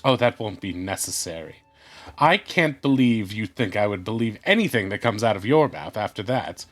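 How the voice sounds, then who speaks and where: A man's voice: fairly low pitch, animated, moderate pace. Haughty scolding banker woman voiced by a man, sighs a lot, faint music behind. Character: indignant female noble banker Violetta, haughty.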